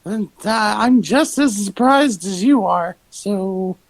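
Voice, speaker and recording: A man's voice: high voice, slow, poor audio. A man playing a tabletop game, speaking hesitantly with many fillers. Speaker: player. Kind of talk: tabletop role-play.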